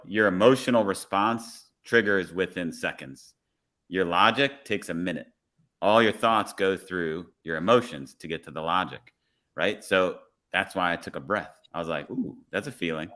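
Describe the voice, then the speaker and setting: Low, bright-voiced male storyteller. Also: moderate pace. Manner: relaxed storyteller who acts out quoted dialogue. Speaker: police officer, podcast guest. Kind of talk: casual podcast conversation, storytelling.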